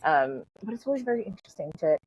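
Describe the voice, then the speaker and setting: A woman's voice: on the low side, sing-song, quick pace, breathy edge. A middle-aged woman guest on a podcast, chatting casually through a personal story with lots of "like" and "you know", laughing easily. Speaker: podcast guest, spiritual coach. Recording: slightly dull lo-fi sound.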